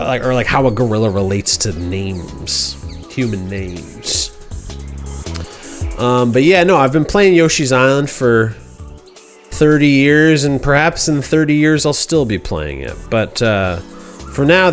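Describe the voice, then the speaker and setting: Man, stream host, goofy, slangy, rambling, faint music behind. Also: mid-range voice. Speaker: livestream host. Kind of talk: casual rambling storytelling on a game stream.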